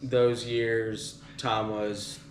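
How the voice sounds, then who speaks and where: A man's voice: lowish voice, flat delivery, extremely slow. A man hosting a casual podcast, retelling band history in a rambling way with lots of fillers. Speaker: podcast host. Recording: echoey room with background noise.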